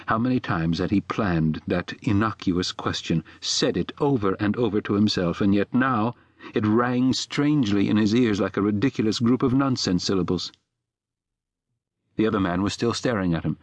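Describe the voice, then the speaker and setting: Low-voiced man narrating an audiobook. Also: no echo. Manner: measured, even storytelling. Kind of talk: scripted narration.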